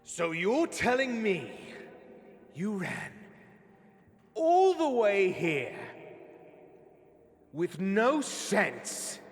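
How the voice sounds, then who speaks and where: A man voicing a cruel male villain who shouts threats at his underlings. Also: medium pitch, big-room sound, pitched above the performer's own voice, heavily acted. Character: furious cruel male villain leader, menacing.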